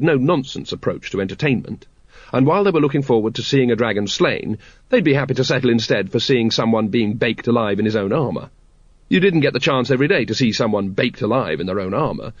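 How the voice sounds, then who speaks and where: A man's voice: medium pitch, no room sound. Man reading a wry audiobook. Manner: dry, wry storytelling. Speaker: narrator. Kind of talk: audiobook narration. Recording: dry, dull lo-fi recording.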